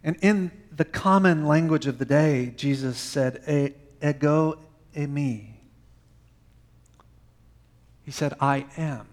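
A man preaching a sermon, swinging from emphatic lines to soft, quiet phrases. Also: a little high, unhurried. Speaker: pastor.

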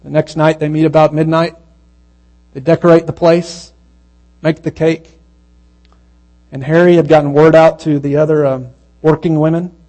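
Man, preacher, sermon storytelling, slightly raised pitch, hushed at moments, mains hum. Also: little pitch movement, poor audio. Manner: conversational storytelling that grows hushed and slow at the moving parts.

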